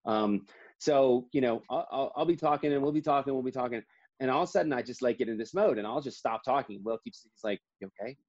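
A man's voice: mid-range voice, quick pace, darkish tone, lo-fi sound. A man who co-wrote a comic book, talking in a chatty, rambling way with many restarts during an interview. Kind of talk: casual interview conversation.

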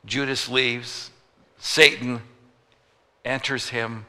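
A man preaches with a very bright, forceful tone, and his voice rings out with long reverb as if in a large church. He tells the story in an animated way, asking rhetorical questions and dropping joking asides. The delivery is that of a pastor in the pulpit. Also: medium pitch, very slow. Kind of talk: sermon.

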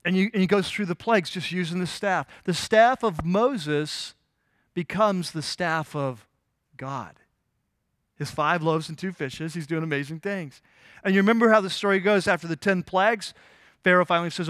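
A male pastor giving a conversational sermon, often asking the congregation questions and acting out biblical figures in quick asides. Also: high-pitched, a bit bright, no room sound, studio quality.

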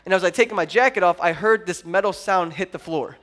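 Male pastor, 30s, lighter high register, lively anecdotal sermon style. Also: quick pace. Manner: animated storytelling, heavy on "like". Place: church service.

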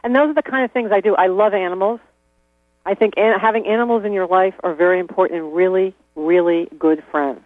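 Speaking briskly in a high register, this male interview guest is chatty and laughs a lot, frequently starting sentences over. The audio has no echo and comes through a thin, phone-like line carrying mains hum.

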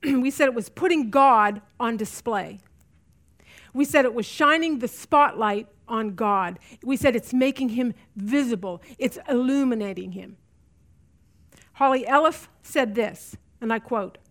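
A woman's voice: on the high side, measured pace. A middle-aged woman teaching a women's Bible study, earnest and repeating key lines for emphasis. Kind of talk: teaching talk to a women's group.

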